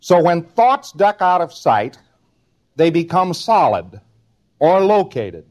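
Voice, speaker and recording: A man's voice: a little high, sing-song, takes it slowly, a little mellow. A man delivering an informal spoken lecture in a conversational, wry manner, now and then acting out short quotes.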